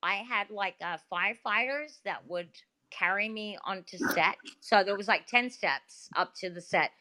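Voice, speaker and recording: An Australian woman with a bright, forceful voice tells stories as a guest on a video call. She talks in a chatty, animated way and leans on plenty of fillers. Her pitch sits at an ordinary middle height. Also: a little slow. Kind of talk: casual interview talk.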